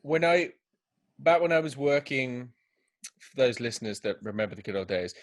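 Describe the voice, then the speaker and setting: A man co-hosting a podcast, telling a rambling story that builds into excited outbursts. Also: medium pitch, moderate pace. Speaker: podcast co-host.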